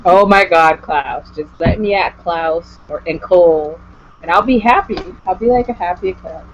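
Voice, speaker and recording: A woman's voice: lowish voice, normal speed, slight background noise. A woman vlogger chatting casually with a guest, gushing and rambling with lots of "like". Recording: dull lo-fi home recording.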